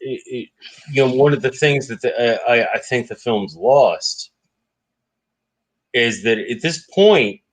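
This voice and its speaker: Unhurried man, trips on his own words, casual co-host of a book discussion. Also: mid-range voice, lively intonation. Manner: stammering, repeats words while getting started. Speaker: podcast co-host.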